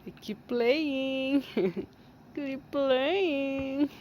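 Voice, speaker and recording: Slow, cooing woman talking to kittens. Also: sits high, lively intonation, darkish tone, slight background noise. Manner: cooing, slow, playful, laughing often. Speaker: vlogger filming her cats. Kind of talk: casual baby talk to kittens. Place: home with many cats. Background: kittens meowing.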